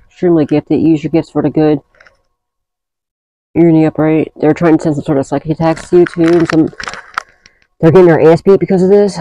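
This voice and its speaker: A woman's voice: low-pitched, warm tone, a little hiss or hum, low-quality recording. A woman giving a casual tarot reading, blunt and profane, rambling through restarts as she talks to her viewers. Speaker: tarot reader.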